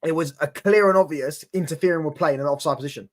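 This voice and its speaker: A man's voice: fairly high pitch, fast, hardly any pauses. A brash, sweary young man giving rambling reaction commentary on football. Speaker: football watchalong streamer.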